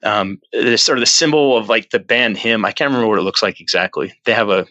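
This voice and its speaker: A low-pitched man with a bright, forceful tone tells his own story as a podcast guest in a dry, close recording. He rambles earnestly, restarting his sentences often. He jumps up in pitch when he acts out his own past words. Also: quick pace, no echo, low-quality recording. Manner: earnest, rambling retelling with frequent restarts and fillers; acts out his own quoted lines in a jumpy, raised voice. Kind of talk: casual storytelling in an interview.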